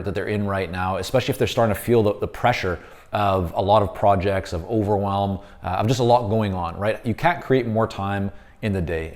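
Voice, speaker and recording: A man teaching consultants in an informal, conversational way, often pausing with fillers and restarting phrases as he explains. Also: lowish voice, darkish tone. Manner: explains while drawing on a board. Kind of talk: instructional talk to camera.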